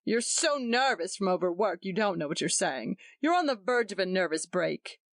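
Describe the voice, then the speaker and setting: A smug, jovial man who needles with easy irony and climbs higher when offended, as a woman reading a story puts him on. His voice swings widely in pitch. It sounds close and dry. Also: expressive, normal speed, dry recording, lightly acted. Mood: mocking. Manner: jovial then indignant.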